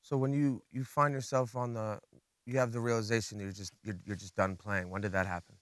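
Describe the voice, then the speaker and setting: A man hosting a podcast in casual chat, joking and reacting with quick banter. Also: on the low side, fairly even intonation, a bit bright, no room sound. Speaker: podcast host.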